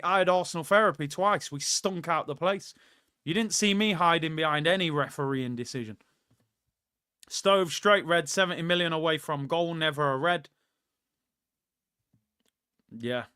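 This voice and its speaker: A man's voice: on the high side, a bit bright, clear, resonant tone, no room sound, studio quality. A young man hosting a live football watchalong, ranting heatedly and reading out viewer messages. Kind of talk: live reaction commentary.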